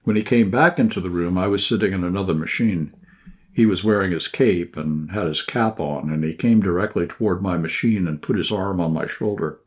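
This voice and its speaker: A man reading a short story aloud in scripted first-person narration, at a measured, even pace. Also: sits low. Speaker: audiobook narrator.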